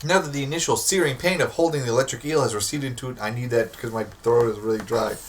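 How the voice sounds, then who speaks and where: A man's voice: mid-range voice, fairly even intonation, fast talker. Brief: a young male host reading game text in a middle register, playful and dry. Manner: playful, reads with dry asides. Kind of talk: reading game text aloud in a let's play.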